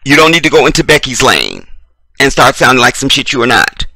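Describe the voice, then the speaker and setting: American guy going off in a fired-up rant, cusses a lot, repeats himself to hammer it home, bright edgy voice, dry close mic. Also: medium pitch, wildly swooping pitch, a little fast, gravelly, no room sound. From United States. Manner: blunt, profane, preachy, repeats phrases for emphasis. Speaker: video commentator. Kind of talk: impassioned commentary rant.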